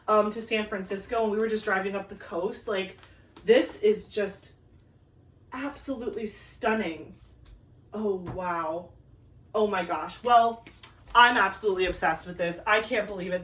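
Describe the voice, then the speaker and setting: A woman's voice: medium pitch, moderate pace. Gushing woman vlogger, slightly distant mic. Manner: gushing, excitable, chatty with many fillers. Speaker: crafting vlogger. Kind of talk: casual unboxing chat to camera. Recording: a bit distant from the mic, faint ambient noise.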